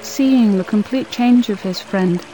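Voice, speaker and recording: A woman's voice: mid-range voice, a little slow, warm tone, a little hiss or hum, poor audio. A woman narrating an audio drama in a solemn, descriptive reading. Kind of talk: scripted narration.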